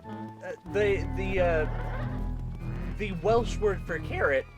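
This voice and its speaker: A man with a fairly high voice, eagerly sharing trivia in a casual gaming chat. Game music plays clearly behind him. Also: takes it slowly. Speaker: let's play co-host.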